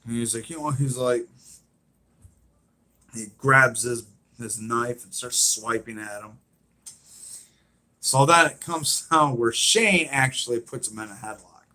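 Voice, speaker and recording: Slow, bright-voiced man rambling on stream. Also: medium pitch. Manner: rambling, retells scenes with many fillers. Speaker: live stream host. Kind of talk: casual live-stream chat.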